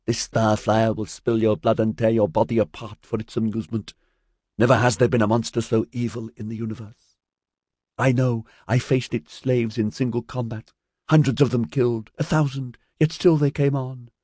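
A man's voice: medium pitch, little pitch movement, normal speed, mellow, no room sound, studio quality, voice pushed up, close to an everyday voice. A man voicing a brash young man who teases and mocks his friend in a storybook reading. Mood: mock dramatic. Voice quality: mocking.

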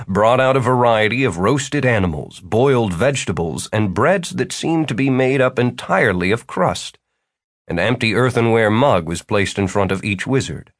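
A man reading a story aloud as a narrator, with wry, expressive storytelling. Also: medium pitch, no echo, clean studio sound. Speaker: audiobook narrator. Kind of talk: scripted narration.

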